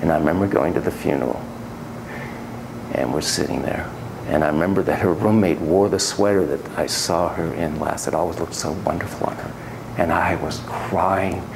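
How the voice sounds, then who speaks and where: With a deep, creaky voice, a man lectures his class in a dramatic, lively style, dropping to near-whispers then bursting into loud exclamations. He keeps putting questions to the students, and background noise runs under the recording.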